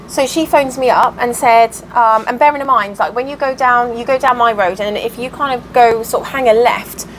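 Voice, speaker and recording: A woman's voice: fairly high pitch, slight background noise, low-quality recording. A woman vlogger at home telling a long story in a chatty, rambling way, full of fillers and restarts. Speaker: cross stitch vlogger. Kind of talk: casual storytelling vlog. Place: at home by an open window.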